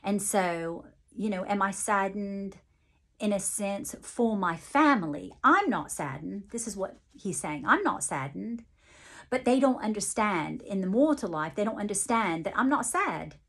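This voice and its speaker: Woman psychic medium, channelled reading; halting first-person relaying, lots of restarts, light playful asides, mid-pitched voice. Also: animated, a bit bright.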